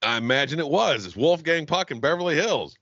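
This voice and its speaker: A man's voice: on the high side, expressive, brisk, a bit bright, dry recording, lo-fi sound. A man from Jacksonville co-hosting a casual podcast, ranting emphatically and swearing a lot. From Jacksonville, Florida. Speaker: podcast co-host. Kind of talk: casual profane podcast banter.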